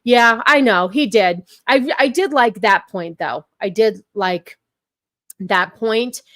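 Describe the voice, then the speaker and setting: A woman's voice: on the high side, slow pace, a bit bright, no echo, studio quality. A woman hosting a casual livestream, chatting with viewers and repeating herself with lots of fillers. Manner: talks back to chat, many fillers and repeats. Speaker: livestream host.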